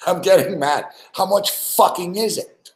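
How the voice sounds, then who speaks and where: A young man spins a crude, rambling story, swearing constantly and padding every line with "like." His voice sits a touch high for a man. The room around him rings with a noticeable echo. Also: measured pace. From Montreal, Canada. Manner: profane, rambling anecdote full of "like" and laughter. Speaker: podcast host. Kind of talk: casual storytelling chat. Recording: echoey room.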